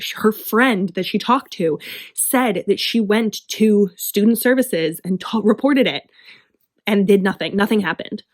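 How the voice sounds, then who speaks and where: A woman's voice: medium pitch, unhurried, dry recording. A woman talking passionately and emphatically in a casual book review vlog, with frequent fillers. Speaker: book vlogger.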